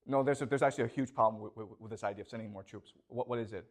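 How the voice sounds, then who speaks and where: A man's voice: fairly low pitch, rapid-fire. A male professor giving a classroom lecture, emphatic and questioning, who keeps checking in with the class.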